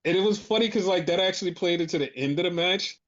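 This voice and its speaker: Brief: foul-mouthed co-host, animated rants, middle pitch, dull lo-fi mic. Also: fast. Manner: profane, animated ranting. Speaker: podcast co-host. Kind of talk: casual chat.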